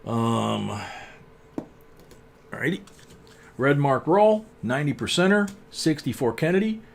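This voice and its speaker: A man in his sixties hosting a casual coin-searching livestream, rambling with lots of "um"s and soft chuckles. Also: on the high side, sing-song, unhurried, vocal fry. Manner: rambling, chuckling, many fillers. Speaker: coin channel host.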